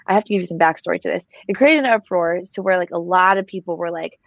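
A woman co-hosting a casual faith conversation, telling a story in an animated way and laughing at herself. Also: lowish voice, fast, creaky, few pauses, no echo. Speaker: co-host of a faith talk show. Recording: dull dry lo-fi recording.

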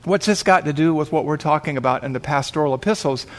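A man's voice: on the high side, fast talker. Man telling a story in a sermon. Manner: vivid storyteller acting out dialogue. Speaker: pastor.

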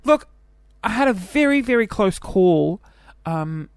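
A man's voice: high-pitched, animated, slow, clean tone, no echo. Chatty Australian man, dry close sound. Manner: chatty, self-deprecating, jumps between topics. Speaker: podcast host. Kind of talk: casual solo podcast monologue.

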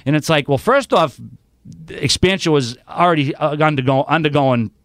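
A man's voice: on the high side, normal speed, fairly bright tone, dry recording, studio quality. A man hosting a podcast, chatting casually about sports in a rambling way with many restarts. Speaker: podcast host.

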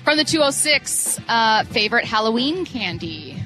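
A woman's voice: a little high, very animated, sharp tone, faint music behind, low-quality recording. A woman co-hosting a sports radio show, chatting casually, teasing her co-hosts and laughing often. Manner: playful, teasing, quick laughs.

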